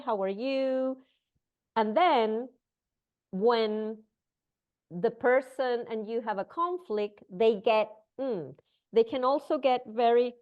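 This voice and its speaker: A woman who does not speak natively, teaching a breathwork class and telling a story with acted-out dialogue and halting restarts. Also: on the high side, dull audio.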